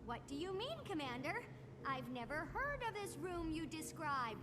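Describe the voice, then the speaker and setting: An eager, excitable young genius in a video game, high and bright. She talks playfully over game music. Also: normal speed. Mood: upbeat. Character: bubbly young female gnome-like genius.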